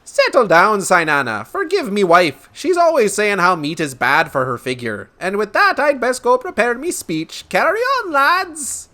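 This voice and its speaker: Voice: sing-song, a little slow, hardly any pauses. A streamer voicing a boastful older male merchant in a video game, with a folksy old-timey way of talking. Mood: hearty, boastful. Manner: loud and hearty, swooping high.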